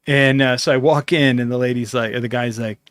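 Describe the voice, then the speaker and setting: Talking a little fast in a steady, medium-pitched, fairly bright voice, this man hosts a podcast in a dry recording. He rambles through a long, swear-heavy story in casual chat, performing his own bits of dialogue along the way.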